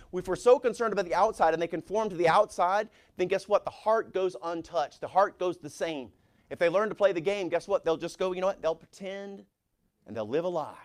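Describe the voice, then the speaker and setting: Middle-aged male pastor with a slightly high voice, preaching with animated force. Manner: animated preaching, reads scripture aloud with rising force. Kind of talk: sermon.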